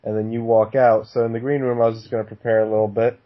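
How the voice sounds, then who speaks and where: Dude rambling about a bad comedy gig, cusses a lot, laughs, kinda muffled audio. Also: male voice, medium pitch, little pitch movement, fast. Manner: profane, laughing storyteller. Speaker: podcast guest. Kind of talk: casual chat. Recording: dull lo-fi sound.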